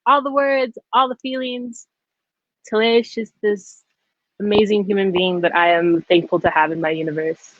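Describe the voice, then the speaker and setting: A woman's voice: mid-range voice, fairly even intonation, normal speed, dry recording. A woman hosting an online open mic over a video call, chatting in a bubbly, effusive way between performers. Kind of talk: casual hosting chat. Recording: dry, dull lo-fi call audio.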